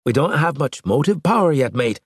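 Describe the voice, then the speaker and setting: A man's voice: a little high, very animated, fairly quick, husky, dry recording, clean studio sound, pitched above the performer's own voice. A man voicing an easygoing, casual male pilot in an audiobook. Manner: casual, calls people mate.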